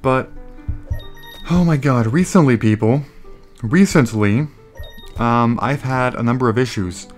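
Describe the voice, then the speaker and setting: A man's voice: medium pitch, measured pace, pauses often. Young man, let's play commentary, rambling rant, sudden outbursts, desktop mic with crackles, faint game music. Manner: rambling, ranting, frequent exclamations at the game. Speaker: gaming YouTuber. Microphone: desktop USB microphone. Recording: crackling, popping home mic.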